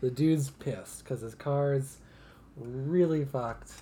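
A woman with a remarkably deep, low voice chats casually as a podcast co-host, laughing often and acting out quoted lines. Faint background noise sits under her voice. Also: slow, dark tone. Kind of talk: casual chat recapping a film.

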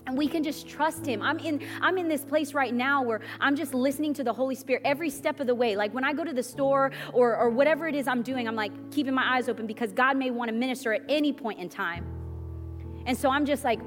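A woman's voice: high voice, fast, fairly bright tone. A woman preaching a sermon in a fervent, exhorting way, often repeating phrases for emphasis. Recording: long reverb with faint music behind. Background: faint instrumental music.

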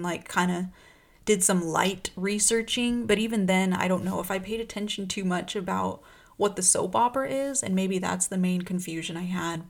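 A woman's voice: on the low side, gravelly. A young adult woman talking casually about a book series, rambling and heated, full of filler words. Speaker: book vlogger.

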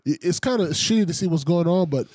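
A man's voice: high-pitched, lively intonation, fast, darkish tone, breathy edge, no room sound. A man co-hosting a casual podcast, agreeable and laid-back, laughing along.

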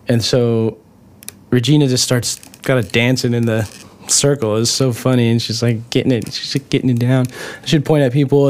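A man tells his own recovery story in a casual, rambling way, full of fillers and restarts, swearing now and then and growing animated at the funny parts. His voice is mid-range with a clean tone.

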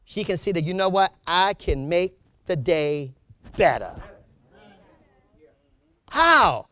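A male preacher delivering an impassioned sermon, rising to shouts and calling out to his congregation. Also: fairly high pitch, measured pace, no room sound.

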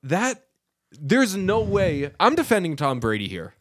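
A man's voice: high-pitched, wildly swooping pitch, unhurried, a bit bright, no room sound. Joking chatty man, dry sound. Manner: chatty, joking, reads quotes aloud. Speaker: podcast co-host. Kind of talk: casual chat.

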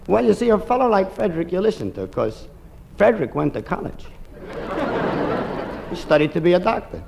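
A man, a stand-up comedian, telling a comic monologue in rapid-fire style. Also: high-pitched, animated, vocal fry, a little mellow, some chatter behind, poor audio. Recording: hissy 1950s radio recording.

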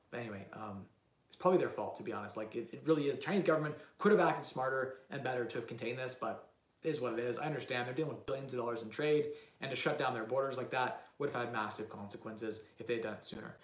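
A man's voice: mid-range voice, fast. A young man hosting a livestream, rambling self-assuredly through questions with many fillers and restarts. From Canada. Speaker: livestream host, real estate investor. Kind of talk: casual livestream chat with live Q&A. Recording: roomy echoey room.

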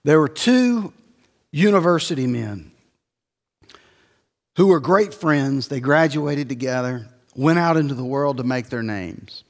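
A middle-aged man preaching an expository sermon in a relaxed, conversational teaching manner. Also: mid-range voice, a little slow, long reverb tail. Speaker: pastor.

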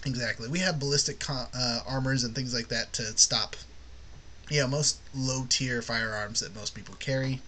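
A man's voice: mid-range voice, fairly even intonation, moderate pace, pushed and bright. A man hosting a casual podcast lesson on worldbuilding, rambling and often asking "you know what I mean". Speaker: podcast host teaching worldbuilding.

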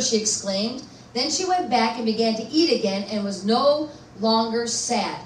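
A woman pastor preaching a sermon at a conference, animated and asking her listeners questions. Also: on the high side, unhurried, slight background noise. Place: church conference hall. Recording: echoey room, voice from far off.

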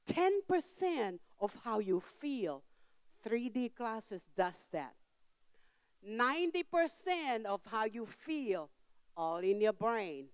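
An older woman preaching a sermon in church, telling a story with emphatic outbursts and quiet asides, in simple non-standard grammar. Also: on the high side, sing-song, slow pace, dry recording.

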